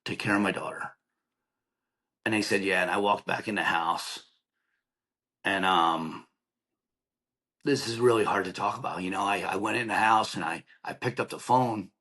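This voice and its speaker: On a rough recording, a thirties-aged podcast guest shares something painful from his life, stumbling and starting over again and again. His low-leaning voice sounds pushed and bright.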